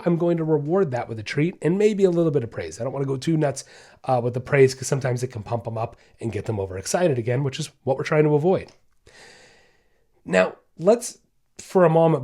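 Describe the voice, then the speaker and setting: A man hosting a podcast, casually explaining dog training in a chatty, animated way and often checking in with the listener. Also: mid-range voice. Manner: animated, chatty, says "guys" and "okay?" often; acts out dog thoughts in quick voices. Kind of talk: casual instructional podcast talk.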